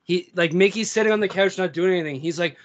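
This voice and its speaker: A man co-hosting a podcast over a video call, easygoing and quick with quips. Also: sits high, no echo. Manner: easygoing, often laughing along and adding quips. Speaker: podcast co-host. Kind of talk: casual chat.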